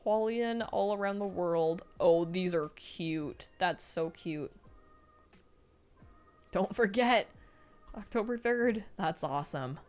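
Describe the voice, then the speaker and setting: A woman streamer reading viewer messages aloud on a live stream, reacting with excitable, gushing praise and casual swearing. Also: lowish voice, slow pace, pauses often, soft background music.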